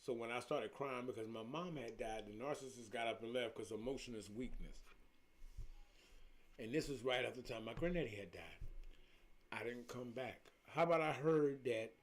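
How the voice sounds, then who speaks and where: A man's voice: mid-range voice, normal speed. A middle-aged man, talking casually on a livestream as a spiritual life coach, emphatic and preachy, telling stories with lots of repetition.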